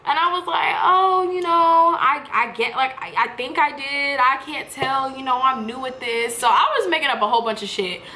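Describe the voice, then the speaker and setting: A woman in her twenties telling a personal story to the camera in a candid, profane, animated way. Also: high voice, moderate pace, few pauses, echoey room, slight background noise. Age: 20s. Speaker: vlogger. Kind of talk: casual storytime chat.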